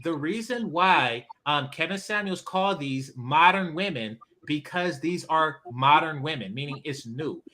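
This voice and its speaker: A man from California hosting a casual debate, measured but insisting on finishing his point. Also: on the high side, animated, bright, forceful tone.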